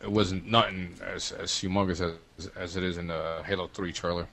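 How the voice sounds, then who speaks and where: Low-voiced man rambling on a gaming podcast. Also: fairly even intonation, brisk, creaky, a bit bright, a little hiss or hum. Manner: rambling, repeats words while searching for them. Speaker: guest co-host. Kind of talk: casual gaming podcast chat.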